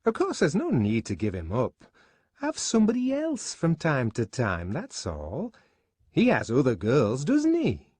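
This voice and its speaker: A man reading an audiobook, voicing a prim, gossiping young woman who scolds in a shrill, sing-song way. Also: huge pitch swings, a little slow, a little mellow, breathy edge, no echo, full character voice. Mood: earnest.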